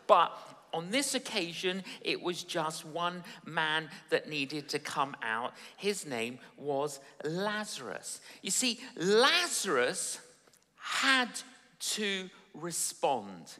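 Male preacher for a sermon: emphatic, repeats lines, slow, lively pitch, bright tone, hall echo. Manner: emphatic, repeats phrases for effect. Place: church service.

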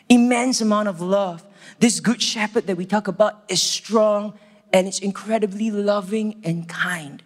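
A young man with a Singaporean English accent preaching a sermon in an earnest, emphatic, storytelling way. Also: high voice. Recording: echoey church hall reverb.

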